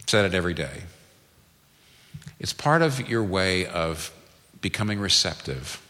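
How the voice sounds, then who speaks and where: The pastor's low voice is sing-song, bright and forceful, and he takes his time. Earnest and emphatic, he often starts phrases over as he builds toward a point, while a large hall adds long reverb.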